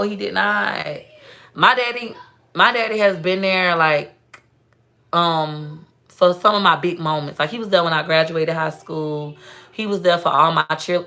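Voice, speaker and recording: A young woman talks straight to her livestream viewers in a loose, storytelling way. Her voice sits low, with a gravelly, fry-tinged texture. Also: unhurried, sharp tone. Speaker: livestream host. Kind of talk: casual live-stream chat.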